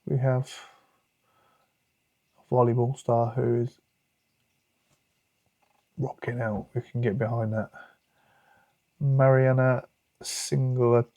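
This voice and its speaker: A man's voice: medium pitch, flat delivery, takes it slowly, pauses often, warm tone, dry recording, muffled recording. A British man with a British accent hosting a casual card-opening video, chatting and muttering asides to himself. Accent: British English. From United Kingdom. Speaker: card collecting channel host.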